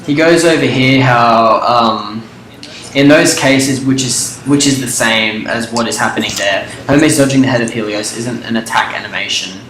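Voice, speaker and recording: A young man argues game lore in a loose, profane chat and keeps jumping in to make his point. His voice carries a roomy echo, with steady noise hanging behind it. He sits at an ordinary, middle pitch. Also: moderate pace. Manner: argumentative, profane, interrupts often. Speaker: co-host debating game lore. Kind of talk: casual debate chat.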